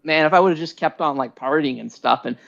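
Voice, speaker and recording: A man's voice: a little high, a little fast, vocal fry, a bit bright, highs cut off. A man chatting casually on a podcast, rambling and full of "like" fillers. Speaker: podcast co-host. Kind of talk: casual chat.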